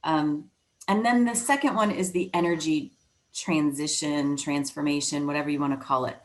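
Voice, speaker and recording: A woman's voice: low-pitched, fairly even intonation, normal speed, poor audio. A woman speaking as a webinar presenter on leadership, talking conversationally with frequent fillers and restarts over a video call mic. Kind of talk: presentation talk.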